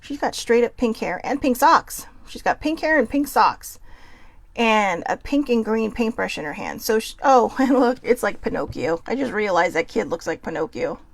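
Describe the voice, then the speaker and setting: A woman with a Californian accent hosting a casual solo talk, reading cards aloud and chatting quickly, with frequent self-interruptions and an admitted nervousness. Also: fairly high pitch, animated, vocal fry, no echo. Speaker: host. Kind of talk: casual musing while reading oracle cards.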